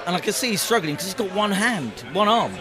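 A man hosting a podcast, telling animated stories in casual chat with friends in a pub. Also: sits high, fast, music in the background. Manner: animated storyteller, acts out quotes. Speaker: podcast host. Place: busy pub. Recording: noisy crowded pub. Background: pub crowd chatter.

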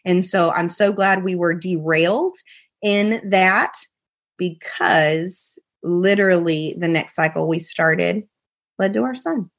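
A woman, a podcast guest telling an emotional personal story, animated and quoting people in a raised voice. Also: fairly low pitch, slow.

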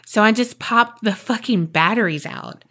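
Podcast lady reading a spooky email then chatting, animated, curses a lot, laughs a bunch. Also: medium pitch, normal speed. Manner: animated, swears freely, laughs often. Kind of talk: casual chat and reading aloud.

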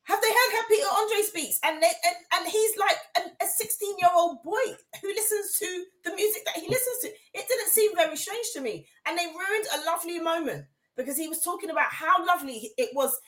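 A woman's voice: very high-pitched, fairly bright tone, roomy sound. A woman co-hosting a podcast in casual chat, eagerly jumping in with her own take. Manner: eager, chiming in with quick reactions. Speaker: podcast co-host.

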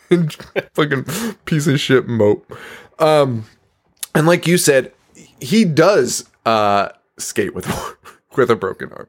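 A man's voice: a little high, lively intonation, slow, long pauses. A man co-hosting a podcast, recapping a movie in casual, profane chat and laughing as he acts out quotes. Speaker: podcast co-host.

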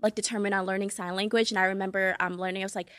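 A young woman from Cape Verde, a native Portuguese speaker, chatting casually as a podcast guest in a studio, animated and swearing freely. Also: medium pitch, rapid-fire, no echo. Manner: animated, swearing, laughs often. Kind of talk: casual chat.

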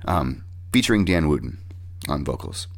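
A man with a very deep voice hosts a casual music podcast. He swears freely as he talks through bands and records. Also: sing-song, normal speed, vocal fry. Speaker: podcast host.

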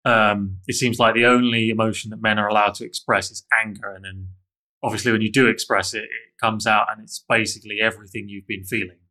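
A man's voice: lowish voice, flat delivery, fast, sharp tone. A man telling a candid, self-critical personal story in an interview, with frequent restarts.

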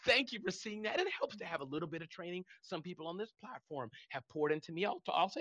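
A man in his forties hosts a live audio room over his phone, fast and excitable. His pitch swings widely, and the sound is dry and close. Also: slightly rough, no echo. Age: 40s. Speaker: host.

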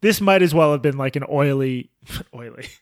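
A man co-hosts a casual podcast, thinking aloud and laughing often. His voice sits a little higher than most men's. The sound is close and dry, with no room echo. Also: fairly quick. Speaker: podcast co-host.

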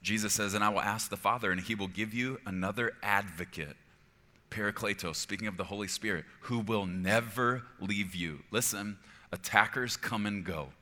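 A man's voice: lowish voice, normal speed, bright, forceful tone, long reverb tail. A middle-aged man preaching a sermon as a pastor, earnest and conversational, often checking in with his listeners. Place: church auditorium.

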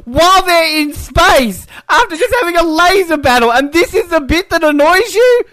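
High, lively woman, teasing banter. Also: normal speed, no echo. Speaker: podcast co-host. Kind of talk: casual film discussion.

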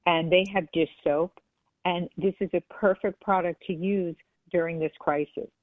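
A woman's voice: lowish voice, steady tone, normal speed, no room sound. A woman guest talking casually and earnestly in an interview, often restarting her sentences. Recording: tinny phone line.

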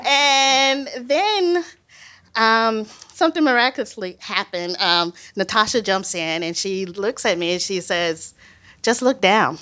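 Woman storyteller, mid-pitched, lively and laughing, live on stage. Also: unhurried. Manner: lively, laughing, animated retelling. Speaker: biologist telling a personal story. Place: stage before a live audience.

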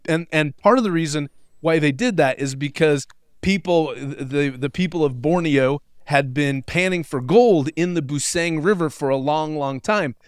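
A man with a fairly high, smooth voice recounting a story on a podcast. He speaks wryly and casually, with frequent "uh"s, in a dry, close recording. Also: no echo. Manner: wry, conversational, lots of fillers. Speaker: podcast co-host.

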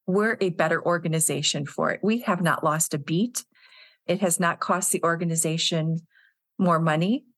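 A woman's voice: on the low side, dry recording. A woman executive director speaking as a podcast guest, telling workplace stories in an earnest, conversational way. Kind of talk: casual interview conversation.

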